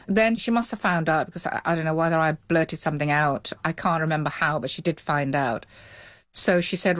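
A woman's voice: deep voice, normal speed, no room sound. A middle-aged woman, interviewed, recalling her childhood in a reflective, hesitant way with many restarts. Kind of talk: reflective recollection.

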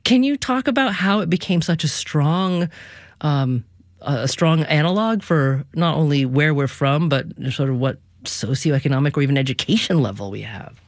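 A woman hosting a radio interview, speaking in a measured way with a few restarts. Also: deep voice, lively intonation, no echo, clean studio sound. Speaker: radio host.

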